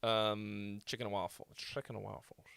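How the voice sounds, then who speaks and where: Chill young guy host cussing through a story, crisp smooth voice, dry close mic. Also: fairly low pitch, level tone, moderate pace, fairly bright tone, no echo. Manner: laid-back storytelling, heavy swearing. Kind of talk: casual livestream chat.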